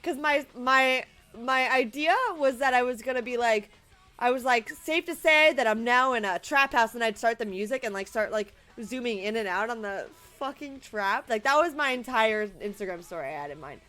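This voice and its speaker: Young woman, vlogger, high voice, bright tone, animated storytelling, casual swearing, laughs mid-sentence. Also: moderate pace.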